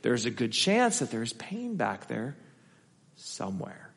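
A man's voice: medium pitch, huge pitch swings, takes it slowly, vocal fry, breathy edge. A man preaching a conversational sermon as pastor, acting out the voices he quotes. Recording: long hall reverb.

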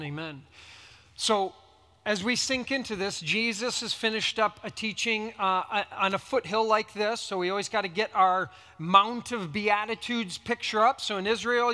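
A man preaching a sermon, teaching in an unhurried, conversational way and reading scripture dramatically. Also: high voice, bright, forceful tone. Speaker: pastor. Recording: long hall reverb.

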